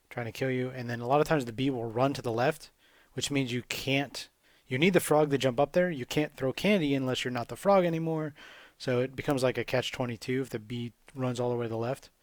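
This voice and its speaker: A man's voice: mid-range voice, brisk, no room sound, studio quality. Wry, casual male gamer commentator. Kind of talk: gameplay commentary.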